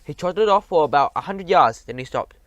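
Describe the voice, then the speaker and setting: A man narrating a children's story in an expressive, animated way, with small slips. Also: a little high, fairly quick, dry recording, highs cut off. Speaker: audiobook reader.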